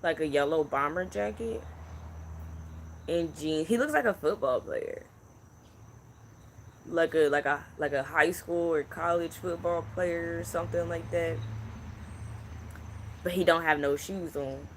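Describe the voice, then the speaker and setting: Man in his 20s, psychic reader, hushed halting delivery, crickets in background. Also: on the high side, a little hiss or hum. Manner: slow, hushed, halting and emotional. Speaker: psychic channel host. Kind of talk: spiritual reading, unscripted. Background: crickets and insects.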